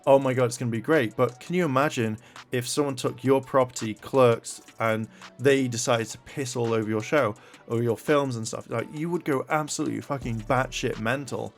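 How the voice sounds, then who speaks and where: Annoyed guy ranting on a vlog, swears a lot, lots of uh and like, reads bits out loud. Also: medium pitch, normal speed, soft background music. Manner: irritated, profane, reads articles aloud with frequent fillers. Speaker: commentary vlogger. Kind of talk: ranting commentary.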